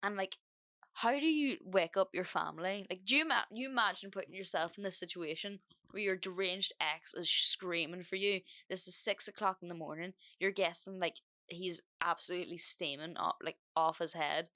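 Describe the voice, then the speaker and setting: A young woman hosting a podcast, telling a story in an animated, swearing, laughing way. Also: on the low side, normal speed. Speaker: podcast host. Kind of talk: storytime monologue.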